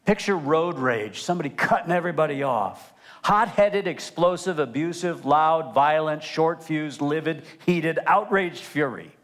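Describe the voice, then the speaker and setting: An older man, grandfather of a toddler, preaching a sermon as pastor, animated and emphatic, swinging between loud emphasis and hushed asides. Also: fairly high pitch, a little slow.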